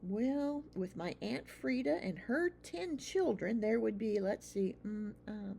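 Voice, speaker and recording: A woman voicing a shy, homeless boy field mouse in a children's storybook reading, quiet and stammering. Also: fairly high pitch, slow, creaky, slightly rough, full character voice. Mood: hesitant.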